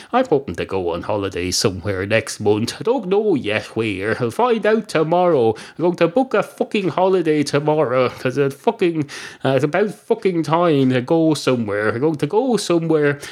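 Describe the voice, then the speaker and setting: An Irish man hosting a podcast, telling a rambling, deadpan comic monologue full of digressions. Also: fairly high pitch, normal speed. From Ireland. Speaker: podcast host.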